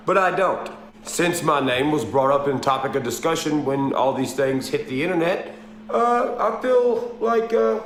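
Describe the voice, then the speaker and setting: A blunt man delivering a defiant monologue to camera, his voice swinging up and down with feeling. He sits a little high for a man. The sound is roomy, with a faint hum of ambience behind him. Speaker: country musician in a clip.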